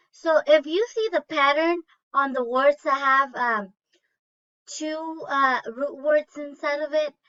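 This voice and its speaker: A woman teacher leads a phonics lesson at a slow, deliberate pace, breaking words into syllables. Her voice is high and clear, and the recording sounds dull and lo-fi. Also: a bit bright.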